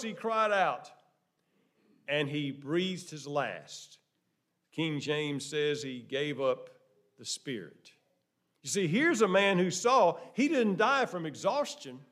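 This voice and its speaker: High-voiced preacher with big dynamic swings. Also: male voice, very animated, takes it slowly. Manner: dramatic swings from hushed to loud exclaiming; emphatic repetition. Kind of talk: sermon.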